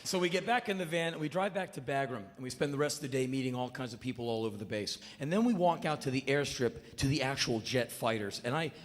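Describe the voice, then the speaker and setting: A man telling a story in a live spoken word show, blunt and sardonic, with sudden loud outbursts. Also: medium pitch, fast talker, few pauses. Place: stage before an audience. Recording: live stage with long reverb.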